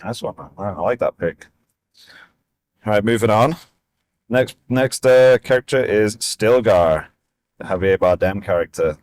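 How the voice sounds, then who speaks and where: Guy co-hosting a movie chat, kinda low voice, dry sound, keeps it moving. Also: a little mellow, dry recording. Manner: brisk, keeps the segment moving. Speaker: podcast co-host. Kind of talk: casual chat.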